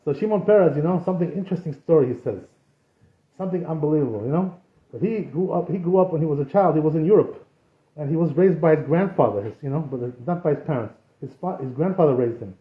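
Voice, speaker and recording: A rabbi gives a relaxed Torah class, talking in a loose conversational way and dropping Hebrew terms into his English. His voice sits a little high for a man. The recording is dull and lo-fi, with a roomy echo around him. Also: fast talker. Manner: conversational, peppered with "you know" and Hebrew terms. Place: synagogue. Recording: echoey room, dull lo-fi sound.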